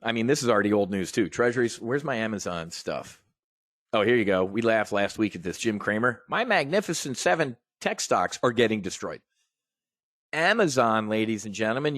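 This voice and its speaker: A man's voice: medium pitch, lively intonation, normal speed, a bit bright, no room sound, clean studio sound. A man hosting a live trading brief, ranting bluntly and profanely. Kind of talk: live market commentary rant.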